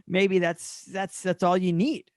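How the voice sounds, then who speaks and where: A man's voice: sits high, little pitch movement, measured pace, a little mellow, smooth, dry recording, clean studio sound. A man co-hosting a podcast in casual chat, loose and jokey, laughing often. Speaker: podcast co-host.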